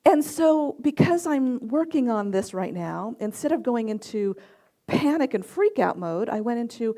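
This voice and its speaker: A woman's voice: on the high side, lively intonation, measured pace, warm tone. A middle-aged woman minister giving a sermon with personal stories, acting out her own reactions as she tells them. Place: church service.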